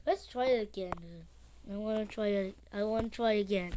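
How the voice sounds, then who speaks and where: A woman commenting as she plays a mobile game, excitable, with sing-song chatter and yelps. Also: medium pitch, fairly quick. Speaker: gamer.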